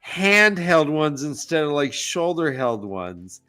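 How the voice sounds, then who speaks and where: Animated joking man recapping a book. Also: on the high side. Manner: animated, jokey, recaps the plot with quick asides. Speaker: podcast co-host. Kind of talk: casual book discussion chat.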